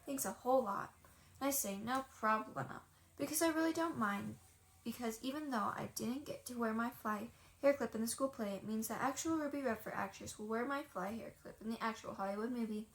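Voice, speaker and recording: Woman, children's audiobook narrator, chatty, lively, fairly high voice. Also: brisk. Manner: lively first-person girl's voice, chatty. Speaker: audiobook reader.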